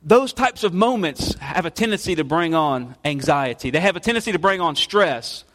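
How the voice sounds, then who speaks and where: A man, a pastor preaching a casual, halting sermon full of restarts in a church sanctuary. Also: on the high side, expressive, a bit bright. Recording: long reverb of a church sanctuary.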